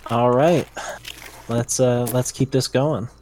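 A man's voice: mid-range voice, steady tone, slow, a little mellow, slight background noise. A man playing a tabletop game, chatting casually and joking in mock indignation. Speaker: player.

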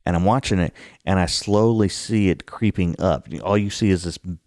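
Male storyteller, low pitch, dry close sound, casual and animated. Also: normal speed, no echo. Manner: animated, acts out the scares with sudden high outbursts. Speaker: guest telling a story.

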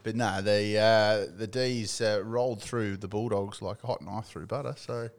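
A man's voice: on the low side, fairly even intonation, moderate pace. A middle-aged Australian man in casual sports chat, laid-back, swearing freely and laughing often. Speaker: podcast co-host.

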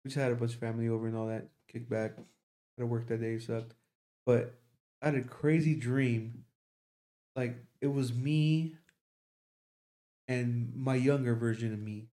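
A man's voice: medium pitch, steady tone, normal speed, long pauses, dark tone. A young man in casual podcast talk, rambling through a long story with lots of swearing. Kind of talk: casual chat.

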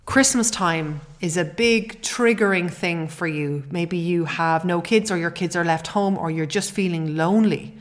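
A middle-aged woman hosting a podcast, talking in an earnest, heartfelt way with frequent restarts. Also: on the low side. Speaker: podcast host. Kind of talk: personal podcast monologue.

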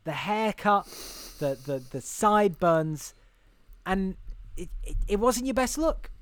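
A man's voice: sits high, sing-song, slow, clear, resonant tone, dry recording. Chatty man, dry close sound. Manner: chatty, laughs often, frequent restarts. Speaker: podcast co-host. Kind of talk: casual chat.

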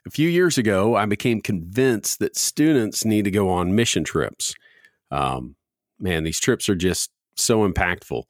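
Deep-voiced man hosting a podcast. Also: expressive, unhurried, dry recording, studio quality. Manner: easygoing, leads the discussion. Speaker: podcast host. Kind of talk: casual podcast chat.

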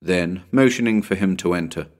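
Deep-voiced man narrating suspensefully. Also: moderate pace, darkish tone. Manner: dramatic, suspenseful storytelling. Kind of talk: scripted audiobook narration.

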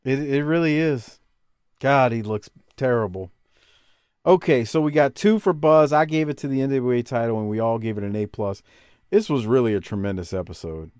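A man hosting a casual wrestling chat podcast, excitable and profane, stretching words for emphasis. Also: medium pitch, moderate pace, smooth, no room sound, studio quality.

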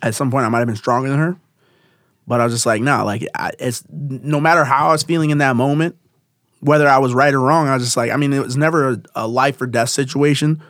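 A man's voice: medium pitch, fairly even intonation, fast talker, a bit bright, no echo, clean studio sound. A man telling a personal story in casual conversation, rambling with many fillers and restarts.

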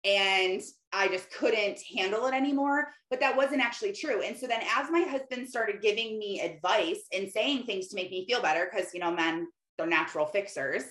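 A woman's voice: mid-range voice, animated, moderate pace, hardly any pauses, a bit bright. Chatty rambling woman in a roomy space. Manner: chatty and rambling, many "like"s, frequent laughs. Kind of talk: casual faith-based monologue. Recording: roomy echoey room.

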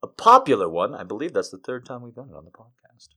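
Male podcast host, casual chat, rambling and easily sidetracked, swears in asides, sharp bright tone. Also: mid-range voice, wildly swooping pitch, quick pace, husky. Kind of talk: poetry reading and casual chat.

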